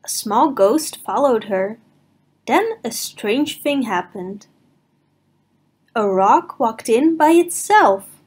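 A woman narrating a picture book aloud for preschoolers in a slow, sing-song manner. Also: fairly high pitch, lively intonation, darkish tone, slightly rough. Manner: slow, sing-song reading for small children. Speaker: storybook reader. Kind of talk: children's read-aloud narration.

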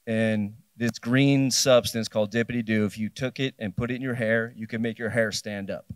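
A man's voice: lowish voice, steady tone, moderate pace, no echo. A man in his fifties from New Jersey, telling a personal story on a festival stage and acting out the dialogue. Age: 50s. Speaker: keynote speaker. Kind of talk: live storytelling talk.

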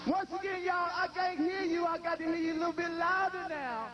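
A man leading a live crowd in call-and-response chants, shouting over the band in a large arena. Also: extremely high pitch, steady tone, brisk, noisy background. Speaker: band's lead talker. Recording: lo-fi live concert tape. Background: loud live band music.

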